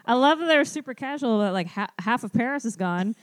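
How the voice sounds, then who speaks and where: A woman's voice: a little high, lively intonation, a little fast, dry recording. A woman in her thirties co-hosting a podcast, chatting casually about a movie, laughing often and chiming in with quips. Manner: giggly, chimes in with quips. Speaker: podcast co-host. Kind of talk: casual movie recap chat.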